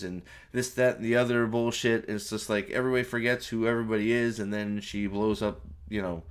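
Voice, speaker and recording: A man's voice: on the low side, steady tone, fairly quick, few pauses, clean tone. A man ranting through a spoiler movie review, exasperated, profane and rambling.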